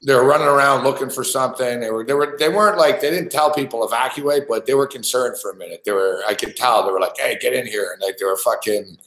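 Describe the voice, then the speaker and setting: A man's voice: medium pitch, fast, hardly any pauses, fairly bright tone. A man hosting a sports betting show, telling a rambling story in a casual and profane way, full of restarts. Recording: roomy echo.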